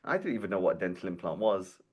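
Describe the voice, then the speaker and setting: A man's voice: low voice, fast, breathy edge, highs cut off. A man in his forties, a podcast guest, tells his career story and acts out the dialogue in it. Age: 40s. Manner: animated storyteller who acts out quoted dialogue. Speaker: guest, dental marketing founder. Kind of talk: storytelling interview.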